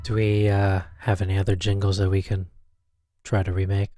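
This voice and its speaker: A man's voice: low-pitched, flat delivery, normal speed, loud music behind the voice. A man with an Australian accent hosting a radio show, rambling, mocking himself and stumbling over names. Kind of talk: casual radio banter.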